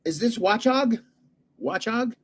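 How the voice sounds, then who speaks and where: A man in his seventies rambles through a casual livestream in a very high voice, speaking slowly. He chuckles a lot and lets sentences trail off while looking for the right word.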